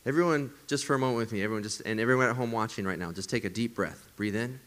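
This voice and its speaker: A male pastor delivering a sermon in a church service, preaching with emphasis and often dropping to hushed, breathy whispers. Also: medium pitch, rapid-fire. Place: church service streamed to viewers at home.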